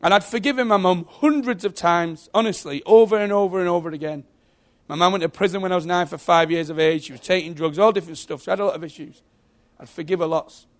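A middle-aged man giving an emotional sermon testimony, telling stories and swinging from hushed to loud. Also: high voice, quick pace. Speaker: preacher.

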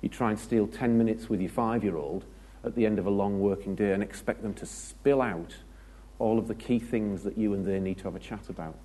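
A British man gives a relaxed, conversational sermon in a low voice. His tone is mellow and a little husky, and he keeps it light with jokes, stories and asides to the congregation. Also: brisk. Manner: chatty and joking, with anecdotes and asides to the congregation. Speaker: preacher.

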